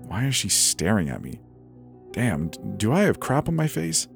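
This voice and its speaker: A man's voice: on the low side, wildly swooping pitch, normal speed, gravelly, faint music behind, pitched above the performer's own voice, exaggerated voice. Guy doing a jittery young grad mumbling his worries, stammers a lot. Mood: fretful. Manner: nervous, stammering inner thoughts. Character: anxious young man, a recent graduate.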